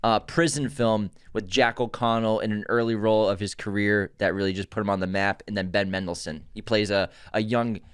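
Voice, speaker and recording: A young man co-hosting a casual film podcast, reading out segment items briskly between easy banter. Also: on the low side, steady tone, clear, resonant tone, no room sound, studio quality. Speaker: podcast co-host.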